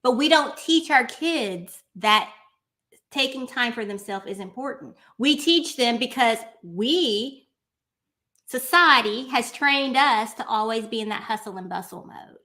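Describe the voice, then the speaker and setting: A woman's voice: a little high, a bit bright. A woman, hosting a casual chat, playful and emphatic, often laughing at herself. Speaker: host.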